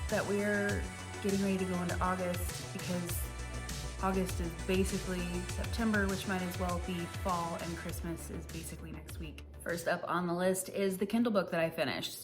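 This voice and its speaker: Chatty woman reviewing books, slightly low voice. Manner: chatty, self-deprecating, laughs at herself. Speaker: book reviewer. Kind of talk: casual book wrap-up chat.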